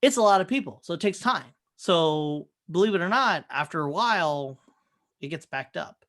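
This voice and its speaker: Animated, profane man telling stories. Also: on the high side, normal speed. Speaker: podcast co-host. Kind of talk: casual chat.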